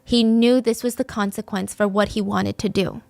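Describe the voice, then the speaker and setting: A woman's voice: mid-range voice, moderate pace, gravelly, no room sound. Woman podcast host narrating true crime, casual, dry close sound. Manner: conversational, animated asides, raises voice for quoted lines.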